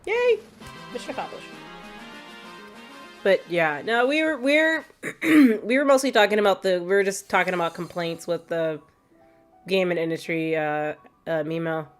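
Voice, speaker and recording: A woman's voice: on the low side, normal speed, faint music behind. A woman streaming a game, chatting casually and sarcastically as she plays, laughing often and sounding tired. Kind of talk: casual live-stream chat while playing.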